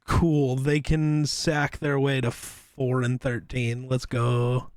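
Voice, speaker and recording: A man's voice: medium pitch, completely flat delivery, slow, no echo. A man co-hosting a podcast in casual sports chat, with teasing, dry, blunt takes. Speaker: podcast co-host.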